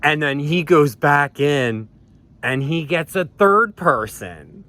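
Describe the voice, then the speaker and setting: On the high side and expressive, his voice pushed and bright, this vlogger takes it slowly while telling a personal tale. The delivery is rambling and profane, with lots of ums and false starts.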